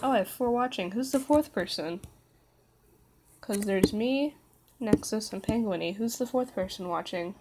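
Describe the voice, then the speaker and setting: A woman's voice: medium pitch, normal speed, noisy background. Tired young woman, casual stream reader, stumbles and self-corrects, jokey. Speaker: reader of fan fiction. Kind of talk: casual read-aloud livestream.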